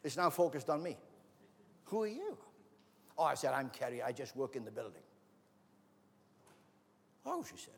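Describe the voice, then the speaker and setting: This preacher has a medium-pitched, husky, creaky voice, expressive and at a moderate pace, broken by long pauses. His sermon is built on anecdotes, and he performs the quoted voices of the people he describes. The sound echoes with the long reverb of a large church hall.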